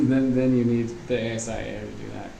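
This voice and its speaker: A man's voice: mid-range voice, steady tone, normal speed, music in the background. A man at a club meeting, asking probing questions about another member's gear. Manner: inquisitive, probing. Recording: distant mic in an echoey hall with clear hum.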